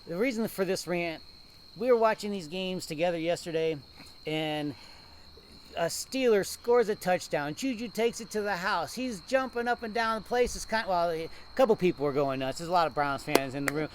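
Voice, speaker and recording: A man co-hosting a casual local football show, ranting and telling stories with animated laughs. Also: sits high, normal speed, slight background noise. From Ohio, USA. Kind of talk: casual rant.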